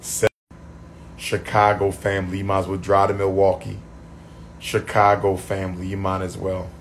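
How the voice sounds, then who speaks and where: A man chatting on a livestream, losing his voice, repeating shout-outs to his viewers. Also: low-pitched, monotone, moderate pace, slight background noise. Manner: repetitive, call-and-response shout-outs to viewers. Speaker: livestream host. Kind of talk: casual livestream chat.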